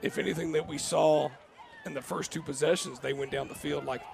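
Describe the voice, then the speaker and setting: Gravelly man calling a game. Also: on the high side, steady tone, a little fast, crowd noise. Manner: jokey, rambling, laughs often. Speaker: play-by-play commentator. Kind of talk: live game commentary with banter.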